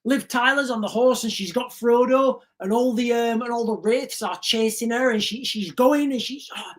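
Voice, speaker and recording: A woman's voice: fairly high pitch, normal speed. A woman hosting a casual livestream, rambling and repeating herself, earnest and emotional, often calling her viewers "guys". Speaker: livestream host.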